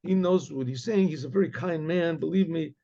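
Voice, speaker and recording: A man voicing a gentle, soothing rebbe's wife in a told story, speaking softly and reassuringly. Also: on the high side, a little fast, lightly acted. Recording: dull lo-fi recording.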